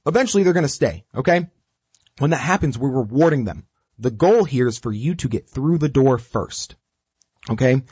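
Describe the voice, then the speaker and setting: A man teaches dog training step by step, coaching in a direct, repetitive, animated way and voicing what the dog is thinking. His mid-range voice has a breathy edge and normal speed, in a dry recording.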